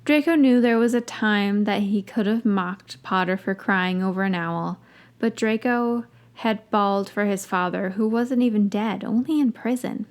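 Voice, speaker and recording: A woman's voice: mid-range voice, moderate pace. A woman hosting a podcast, reading a story aloud and breaking off for wry, dry asides. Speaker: podcast host reading fan fiction.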